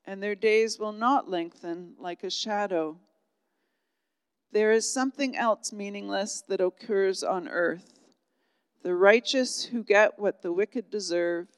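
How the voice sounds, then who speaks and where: Woman, scripture reader, slow and solemn, smooth resonant voice. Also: medium pitch, dry recording, big-room sound. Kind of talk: scripture reading.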